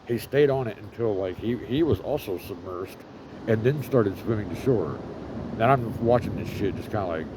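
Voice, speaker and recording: Male vlogger, lowish voice, rambling and profane storyteller, outdoor take with loud traffic noise. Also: lively intonation, normal speed. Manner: profane, rambling, full of fillers. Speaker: vlogger living homeless.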